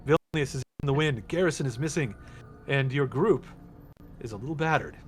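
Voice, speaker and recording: A man's voice: medium pitch, moderate pace, faint music behind. Laid-back male game master. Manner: relaxed, chatty, with many fillers. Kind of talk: narrating a tabletop game.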